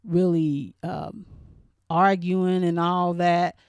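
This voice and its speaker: A woman's voice: lowish voice, flat delivery, drawn-out words, darkish tone, clean tone, no echo, clean studio sound. A woman hosting her channel, casually recapping a TV episode in a chatty, rambling way with lots of fillers and restarts. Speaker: show reviewer and channel host.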